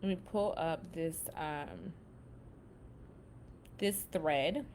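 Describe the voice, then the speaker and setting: A woman talking casually as a spiritual self-help host. She drifts from relaxed chatter into punchy affirmations and calls her listeners "baby" and "y'all.". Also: low voice, extremely slow, a little hiss or hum.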